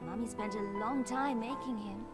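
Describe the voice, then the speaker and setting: A woman's voice: fairly high pitch, moderate pace, loud music behind the voice, lightly acted. An actress playing a loving young mother who speaks tenderly to her son in a video game. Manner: tender, soothing.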